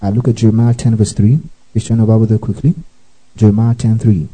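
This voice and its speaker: A man's voice: fairly low pitch, level tone, a little fast, warm tone, rough recording. A man teaching a Bible passage verse by verse, often checking that his listeners follow and spelling out Greek words letter by letter.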